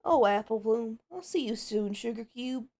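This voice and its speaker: A woman's voice: a little high, animated, normal speed, warm tone. Applejack, a woman doing a drawling Southern farm pony. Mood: earnest. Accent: Southern US (put on). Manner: folksy, earnest drawl. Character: kind country mare pony, stubborn farm leader. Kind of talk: Roblox game role-play voicing.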